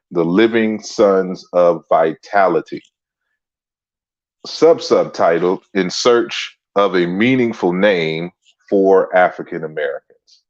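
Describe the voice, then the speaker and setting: Deep-voiced man hosting a home livestream. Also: highs cut off. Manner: relaxed, chatty, greets viewers by name. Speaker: livestream host and author. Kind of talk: casual livestream lecture. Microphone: computer mic on a stand.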